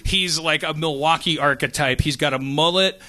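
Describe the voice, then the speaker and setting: A man's voice: fairly high pitch, moderate pace, sharp tone. A man hosting a podcast, telling a comic story in a rambling way, with many restarts and acted-out quotes. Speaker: podcast host. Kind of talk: comedic storytelling.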